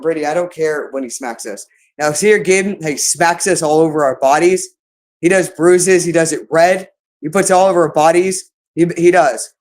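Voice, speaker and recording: A woman's voice: lowish voice, darkish tone. Woman, vlog host, agitated, accusatory, swearing, unscripted rant. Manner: agitated, accusatory, profane ranting. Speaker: channel host. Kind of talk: unscripted monologue to camera.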